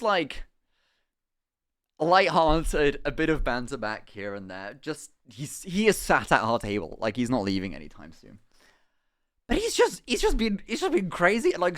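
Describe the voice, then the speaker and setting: A young man from England chats to his live stream in a slightly high voice, rambling casually through a story. He's animated, swears, restarts sentences and wanders off into asides.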